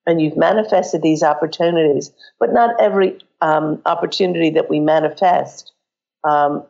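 A woman with a croaky voice giving psychic readings on a call-in radio show, earnestly guiding listeners through exercises. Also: low voice, darkish tone, muffled recording.

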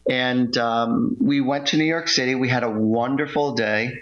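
A man's voice: mid-range voice, steady tone, normal speed, a bit bright. A man telling a personal story in casual conversation as a guest, rambling, repeating himself and restarting his sentences. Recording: muffled lo-fi audio.

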